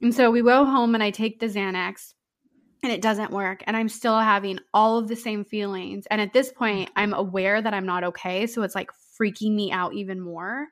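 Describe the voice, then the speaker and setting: A woman's voice: medium pitch, steady tone. Woman guest telling a candid personal story. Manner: open, halting, with many fillers and restarts. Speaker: podcast guest.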